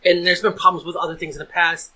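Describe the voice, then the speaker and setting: A man's voice: high-pitched, little pitch movement, fast talker, pushed and bright, breathy edge, poor audio. A man talking earnestly in a casual podcast discussion, restarting and repeating words as he builds his point. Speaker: podcast host.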